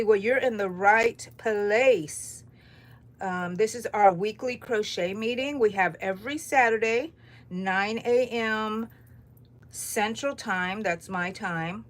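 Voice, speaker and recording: In a fairly high, fairly bright voice, a middle-aged woman chats to her crochet livestream audience from a room at home. She rambles and greets viewers by name while the morning outside is overcast.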